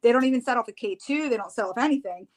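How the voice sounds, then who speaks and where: A high-voiced woman tells a story in a casual podcast chat. She is animated, laughs easily and acts out what people said. Her pitch sits well above most women's. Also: racing. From United States. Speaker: tattoo artist and paranormal investigator.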